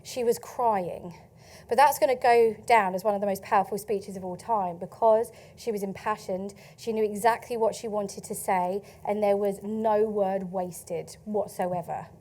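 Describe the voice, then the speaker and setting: A woman with an Essex accent giving a lively, chatty conference talk, asking the audience questions and laughing often. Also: medium pitch, moderate pace. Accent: Essex English. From England. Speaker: conference speaker. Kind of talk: keynote talk to a live audience. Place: conference stage.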